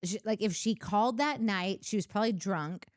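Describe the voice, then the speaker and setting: A woman's voice: mid-range voice, moderate pace, no room sound, studio quality. A woman co-hosting a podcast, insistently arguing her view on a reality show storyline. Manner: insistent, keeps saying "listen" to cut in. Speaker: podcast co-host. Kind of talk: casual reality-TV recap chat.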